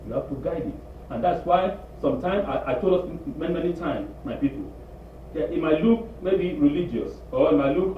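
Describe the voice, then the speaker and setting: A man preaches an animated sermon and hammers his points through repetition. His voice is fairly high for a man. It is heard from a distance in an echoey congregation hall, muffled, with faint background noise. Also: moderate pace. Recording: distant, echoey, dull room recording.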